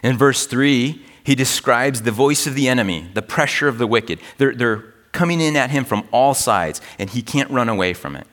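Earnest preaching man in a reverberant hall. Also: mid-range voice. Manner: earnest, expressive preaching with dramatic pauses. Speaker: pastor. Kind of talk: sermon.

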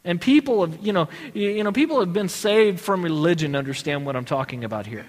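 High-voiced man teaching a Bible class. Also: lively intonation, a little fast, in a large hall. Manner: conversational, asks the audience questions, many restarts.

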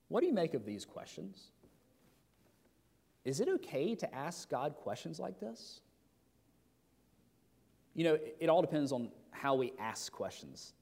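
A man's voice: fairly high pitch, big pitch swings, measured pace, creaky, long pauses, a little mellow. A middle-aged man preaching a sermon as pastor, talking conversationally with rhetorical questions and frequent restarts. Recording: long hall reverb.

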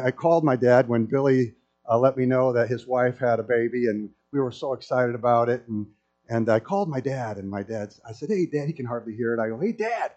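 A middle-aged man preaching a sermon to a congregation, telling stories with humor. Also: mid-range voice. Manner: storytelling with humor, animated. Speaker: pastor. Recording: dull lo-fi sound.

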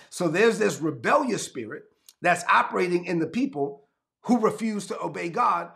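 A man preaching a sermon, his voice pitched high and swinging widely as he pushes rhetorical questions and reads scripture aloud. A gravelly rasp runs under his delivery. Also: animated, moderate pace, a bit bright. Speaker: pastor.

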